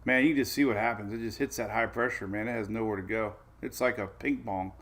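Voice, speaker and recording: A man's voice: lowish voice, fairly even intonation, fast, fairly bright tone. A man hosting a casual weather livestream, chatting in a laid-back way, chuckling often and answering viewer comments. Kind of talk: casual live-stream chat.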